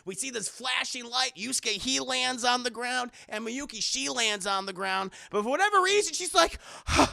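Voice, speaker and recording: A man's voice: very high-pitched, expressive, normal speed, vocal fry, hardly any pauses, pushed and bright, no echo, studio quality. A young man reviewing an anime, rambling and profane, with lots of restarts as he talks to his chat. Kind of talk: casual recap addressing chat.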